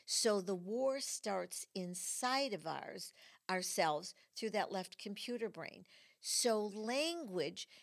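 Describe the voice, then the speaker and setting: A middle-aged woman from Michigan hosting a casual chat, animated and telling stories with acted-out quotes. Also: lowish voice. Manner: animated storyteller, acts out quotes. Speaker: host.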